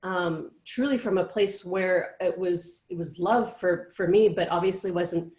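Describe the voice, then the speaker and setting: A woman hosting a casual live show, chatting encouragingly with frequent pauses and "um"s. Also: lowish voice, a little mellow, reverberant. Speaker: host.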